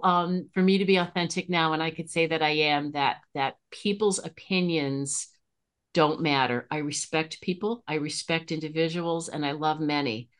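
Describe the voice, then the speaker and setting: Woman, middle-aged, podcast guest, fairly low voice, animated storytelling, casual chat. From Pennsylvania. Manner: animated storyteller, voice leaping up when excited.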